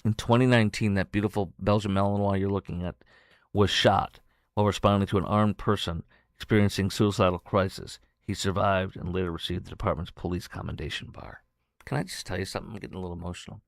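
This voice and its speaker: A middle-aged man hosting his own podcast, telling a story in a rambling way with many restarts, and at times going soft and emotional. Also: low-pitched, fairly even intonation, quick pace, gravelly, dry recording. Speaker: podcast host. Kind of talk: casual solo podcast monologue.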